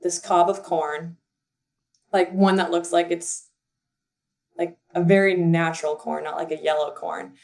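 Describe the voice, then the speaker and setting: A woman's voice: fairly low pitch, fairly even intonation, unhurried, long pauses, darkish tone. A young adult woman, a podcast guest, chatting casually and telling a story with lots of fillers and laughter. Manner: giggly, rambling storyteller with many fillers. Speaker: guest, assistant and content writer. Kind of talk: casual interview chat.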